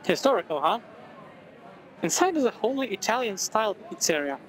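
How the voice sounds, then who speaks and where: A man's voice: high-pitched, big pitch swings, a little fast, a bit bright, poor audio. A man playing a visual novel, reading it aloud with chatty, wry asides. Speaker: video game let's player. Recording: background game music.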